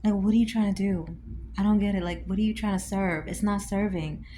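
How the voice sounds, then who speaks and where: A woman's voice: medium pitch, fairly even intonation, fairly quick, mellow, slight background noise. A woman giving casual, amused reaction commentary on social media posts, with slangy, chatty asides.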